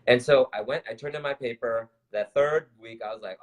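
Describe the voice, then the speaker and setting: A man co-hosting a casual talk show, telling a personal story in an animated, rambling way with fillers and bursts of laughter. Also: mid-range voice, fairly quick, few pauses, poor audio. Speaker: co-host. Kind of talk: casual chat.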